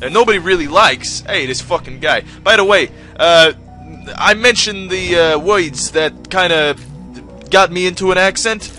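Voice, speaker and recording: A man's voice: high-pitched, normal speed, bright, forceful tone, faint music behind, pitched above the performer's own voice. A man doing a put-on Brooklyn Italian accent as a swaggering, cursing tough guy while playing a game.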